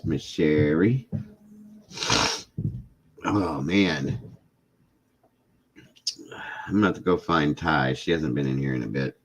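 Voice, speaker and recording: A man's voice: very deep voice, slow pace, pauses often, slight background noise. A middle-aged man hosting a casual live stream, chatting with viewers and often breaking into laughing fits. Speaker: livestream host chatting with viewers.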